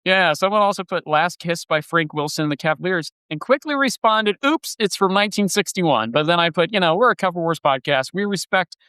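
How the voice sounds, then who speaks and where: A man's voice: high-pitched, brisk, few pauses, pushed and bright, smooth, dry recording. A man hosting a music podcast in casual chat, enthusiastic and rambling, often restarting his sentences. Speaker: podcast host.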